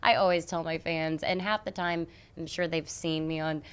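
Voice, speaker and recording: Young female singer guest, low smooth voice, soft and giggly, casual chat. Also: fairly even intonation, normal speed. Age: young adult. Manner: giggly, soft-spoken, trails off quietly.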